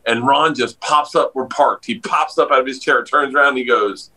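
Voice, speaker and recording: Brief: male comedian guest, bright forceful voice, loud laughing storyteller on a video call. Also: normal speed, rough recording. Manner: loud storyteller, laughs a lot, jumps up in pitch when excited. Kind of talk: casual podcast chat.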